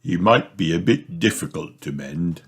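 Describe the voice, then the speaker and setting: A man's voice: lively intonation, normal speed, slightly rough, exaggerated voice. A man voicing a jolly but fussy father pig who grumbles and doubts, in a children's storybook. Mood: fatherly. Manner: low, grumbling.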